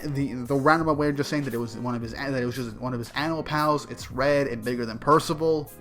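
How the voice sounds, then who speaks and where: A man casually recapping a manga chapter, speaking excitedly and speculatively, often restarting his sentences. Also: medium pitch, fast, faint music behind. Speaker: manga reviewer.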